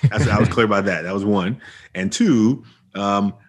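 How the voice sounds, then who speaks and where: A man's voice: on the low side, moderate pace. A middle-aged man from Oakland, California, telling his life story as a podcast guest and acting out old conversations with energy. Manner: animated storyteller acting out past dialogue. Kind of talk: storytelling interview.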